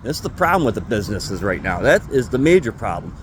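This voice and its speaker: A man's voice: fairly low pitch, big pitch swings, quick pace, a little hiss or hum. A man venting angrily and with lots of swearing in a casual vlog about his retail job. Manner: angry, profane ranting. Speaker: retail store employee.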